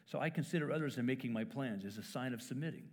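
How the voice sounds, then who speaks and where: A middle-aged man preaching a sermon as pastor, telling stories and acting out conversations with lively shifts in voice. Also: medium pitch, fast. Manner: storytelling, acts out dialogue with lively shifts. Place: church sanctuary. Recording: church hall reverb.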